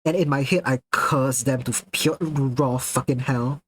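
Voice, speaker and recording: Reacting to his viewers' messages on a live stream, this man is excitable, curses freely and laughs often in casual chat. He speaks in a mid-range voice at a measured pace, and the poor audio carries a little hiss or hum.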